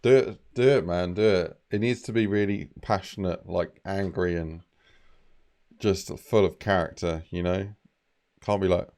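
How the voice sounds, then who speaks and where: A man's voice: sits low, fairly even intonation, a little slow, a little mellow. A young man who streams game mod development, chatting casually and rambling with lots of fillers. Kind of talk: casual live-stream chat.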